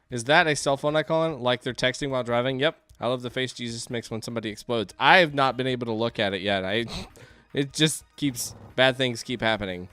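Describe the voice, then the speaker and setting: A man giving excitable let's-play commentary, yelping and laughing as things go wrong on screen. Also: medium pitch, clean tone. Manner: excitable, yelps and laughs at chaos. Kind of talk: game commentary.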